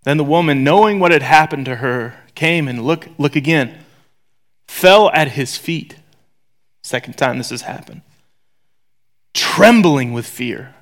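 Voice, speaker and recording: A man preaching a sermon in a conversational, joking way, swinging from loud to hushed whispers. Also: on the high side. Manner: conversational, joking, acts out voices.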